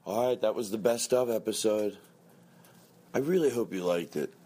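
A man hosting a comedy podcast, rambling and self-pitying, swinging into shouted rants. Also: on the low side, moderate pace, slightly rough. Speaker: podcast host.

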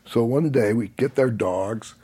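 Older guest with a breathy, husky voice, unhurried storyteller who chuckles and swears easily. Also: male voice, medium pitch, warm tone. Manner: laid-back, rambling, chuckling, swears freely. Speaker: podcast guest. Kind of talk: casual storytelling.

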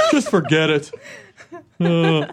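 Host type, man, somewhat high voice that swings a lot, joking. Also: animated, drawn-out words, background noise. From Kentucky and Tennessee, USA. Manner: playful, joking, asks questions. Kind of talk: casual chat.

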